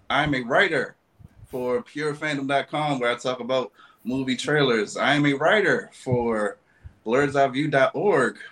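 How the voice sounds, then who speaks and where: A man's voice: mid-range voice, pushed and bright. A man giving a jokey, wry introduction as a podcast guest.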